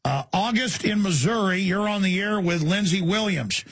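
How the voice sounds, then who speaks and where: A man's voice: high-pitched, normal speed, gravelly, a bit bright, no echo. A man hosting a call-in radio talk show, rambling with many fillers as he plugs material and takes calls.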